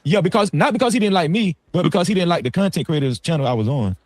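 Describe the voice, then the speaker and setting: A man tells a long story on his livestream in loose, slangy speech, his voice rising and falling widely and often breaking into loud bursts. He sits close to the mic in a dry, dead room. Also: quick pace, no echo. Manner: animated, slangy, swings between low asides and loud outbursts. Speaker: livestream host.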